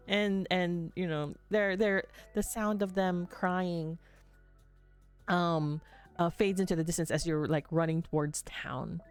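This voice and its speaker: Halting, slow-talking woman game master. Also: on the low side, steady tone, a little mellow, clear, resonant tone, soft background music. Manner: meandering, halting narration with many fillers and laughs. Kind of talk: livestreamed tabletop game narration.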